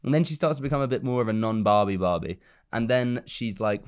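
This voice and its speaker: A man's voice: on the low side, animated, fast talker, clear, resonant tone. A man co-hosting a podcast in a casual chat, rambling and joking and laughing often. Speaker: podcast co-host.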